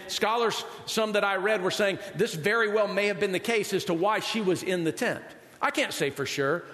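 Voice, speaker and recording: High-voiced pastor preaching in a hall. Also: male voice, fairly bright tone. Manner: conversational, asks the listeners rhetorical questions. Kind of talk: sermon. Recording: reverberant hall.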